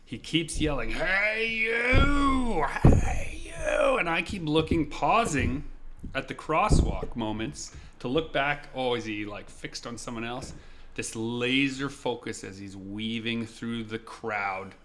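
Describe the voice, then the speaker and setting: A man co-hosting a podcast, telling a story in a casual, animated way and acting out shouted lines. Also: mid-range voice, a little slow, background noise. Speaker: podcast co-host.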